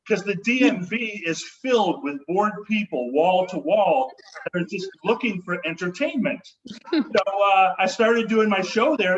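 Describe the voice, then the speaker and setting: Wry man doing stand-up, slightly high voice. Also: a bit bright, dull audio. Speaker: comedy show host. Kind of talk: stand-up comedy over a video call.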